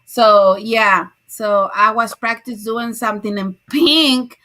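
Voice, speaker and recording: Woman guest in casual chat, slow and halting, bright and a little high. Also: slight background noise, low-quality recording. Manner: unhurried, halting storytelling. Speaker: livestream guest.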